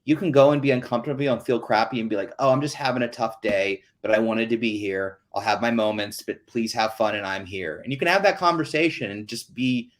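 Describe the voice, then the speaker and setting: A man's voice: mid-range voice, brisk, few pauses. A man hosting an online town hall, talking in an earnest, chatty way with many fillers over a video call. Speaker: host.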